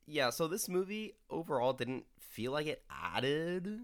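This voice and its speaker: A man's voice: mid-range voice, very animated, normal speed, hardly any pauses. A man in casual conversation, talking enthusiastically about a movie, often restarting his sentences and laughing. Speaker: co-host reviewing a film. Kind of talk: casual chat.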